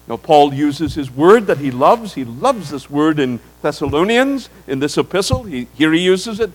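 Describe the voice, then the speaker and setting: A man's voice: on the high side, big pitch swings, normal speed, hardly any pauses, poor audio. A man preaching a sermon to his congregation, speaking to them directly with rising and falling emphasis. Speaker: pastor. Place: church.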